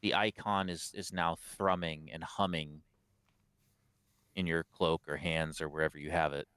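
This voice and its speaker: A man's voice: very deep voice, steady tone, normal speed, a bit bright, clear, resonant tone, no echo. A man running a tabletop game as game master, narrating in a casual, loose way.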